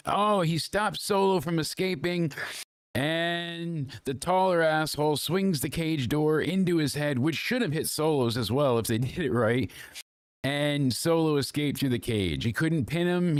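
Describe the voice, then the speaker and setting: A man's voice: medium pitch, dry recording, studio quality. A young adult man giving a heated, profane live review as host, ranting in an exasperated way. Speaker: wrestling show reviewer. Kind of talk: casual live rant.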